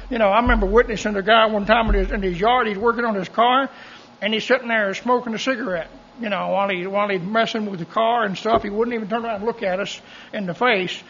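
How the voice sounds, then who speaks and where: A man preaching a sermon, folksy and animated, with joking asides. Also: sits high, quick pace, highs cut off, a little hiss or hum. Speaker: pastor.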